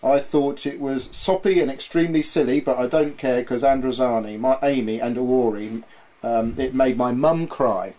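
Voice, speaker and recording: A man's voice: mid-range voice, moderate pace, dark tone, rough recording. A man hosting a casual podcast, reading out listener comments in a playful way, often laughing and tripping over names. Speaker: podcast host.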